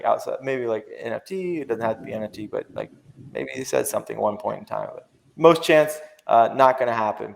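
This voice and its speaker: Young male podcast guest, gravelly fry in the voice, rambling and slangy, plenty of fillers and swearing. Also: fairly low pitch. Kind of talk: casual podcast chat.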